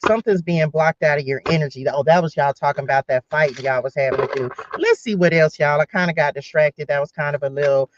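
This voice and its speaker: A woman's voice: deep voice, fast talker, hardly any pauses, muffled recording, background noise. A woman in her forties giving a casual spiritual tarot reading, chatting straight to her viewers with rambling side notes. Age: 40s. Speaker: tarot reader.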